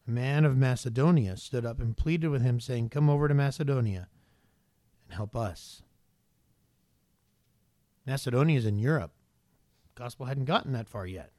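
A man's voice: mid-range voice, a little mellow, dry recording. A male pastor preaching a sermon in a conversational way, often turning to the congregation with rhetorical questions.

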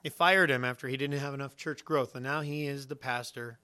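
A man's voice: mid-range voice, a little fast, hardly any pauses, smooth. A man pastor preaching a sermon in a casual, conversational way, often asking his listeners questions. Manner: conversational, animated, asks the audience questions.

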